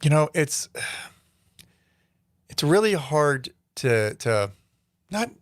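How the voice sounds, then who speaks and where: A man's voice: a little high, big pitch swings, very slow, dry recording. Opinionated man in a dry room. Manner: opinionated, rambling with fillers. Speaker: host. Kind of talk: opinion commentary monologue.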